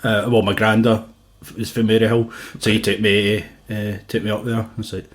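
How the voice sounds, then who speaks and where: A man's voice: fairly low pitch, flat delivery, a little fast. A young Scottish man with a Glasgow accent, co-hosting a casual podcast chat and telling stories with lots of laughter and acted-out quotes. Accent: Glaswegian Scottish. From Scotland. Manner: laughing storyteller, acts out quotes. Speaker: podcast co-host.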